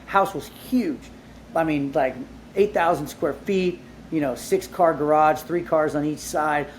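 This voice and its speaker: A man being interviewed, telling his life story in a casual, animated way, with lots of "like" fillers and casual swearing. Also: fairly high pitch, a little slow, slight background noise. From Southern California. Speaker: entrepreneur guest.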